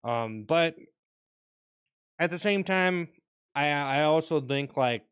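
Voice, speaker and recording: A man's voice: on the high side, lively intonation, slow, fairly bright tone, smooth, no room sound, studio quality. A young adult man vlogging in a rambling, profane casual rant, often restarting his sentences.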